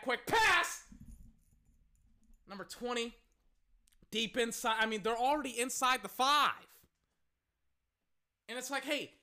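An excitable fan commentator calling live football play-by-play, bursting out loudly on big plays and talking straight to listeners. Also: medium pitch. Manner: excitable, loud bursts, rapid asides to listeners.

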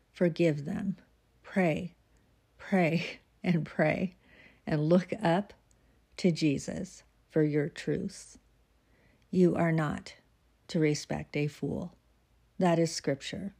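A woman telling a devotional story in an earnest, soft way, sometimes dropping to near-whispers. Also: lowish voice, slightly rough. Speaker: christian devotional speaker. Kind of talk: scripture-based devotional storytelling.

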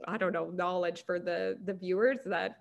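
A woman's voice: fairly low pitch, steady tone, normal speed, gravelly. A woman, a guest on a podcast, chatting in a rambling way and laughing often. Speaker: podcast guest, hair removal business owner. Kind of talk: casual interview chat.

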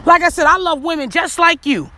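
A woman's voice: extremely high pitch, a little fast, bright, forceful tone. A woman delivering a blunt, profane rant to camera, lecturing the listener directly. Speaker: vlogger. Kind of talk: ranting commentary to camera.

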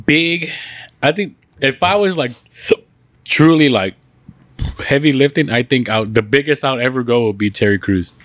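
A man's voice: medium pitch, normal speed, a bit bright, no room sound. A man co-hosting a casual podcast chat, loose and profane, laughing often.

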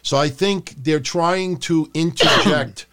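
A man's voice: on the high side, slow pace, a bit bright. A man co-hosting a podcast, chatting casually about wrestling and mocking promos in put-on voices. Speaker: podcast co-host.

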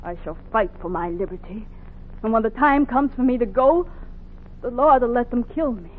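A woman's voice: fairly high pitch, animated, moderate pace. An actress playing a determined young enslaved woman fleeing north, who also narrates in an earnest, defiant manner in an old radio drama. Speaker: narrator and lead. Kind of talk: 1950s radio drama acting. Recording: tinny old radio recording.

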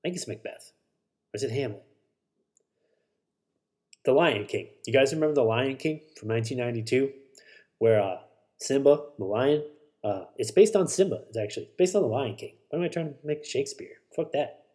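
Speaking at a normal speed with frequent pauses, this podcast host has an expressive, mid-range voice with a slightly mellow quality. He runs a solo show, chatting loosely about TV and films, cursing and fixing his own words along the way.

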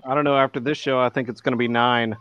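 A man's voice: medium pitch, fairly even intonation, fast talker, fairly bright tone, smooth, no room sound, lo-fi sound. Wry man, dry close sound. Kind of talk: casual group chat.

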